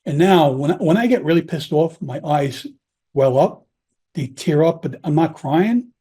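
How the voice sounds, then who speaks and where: A middle-aged man tells his story in a blunt, swearing, animated way. His voice sits fairly high for a man but has a mellow, husky tone. He talks like a guest in a casual interview. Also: moderate pace. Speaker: podcast guest recounting his prison time.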